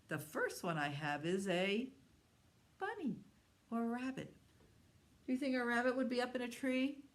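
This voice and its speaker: A woman with a low, deep voice leads a children's storytime at the library. She coaxes the little ones with questions and invites them to join in. She keeps slipping into a soft, hushed whisper. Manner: animated, coaxing voice for young children, often dropping to a hushed whisper.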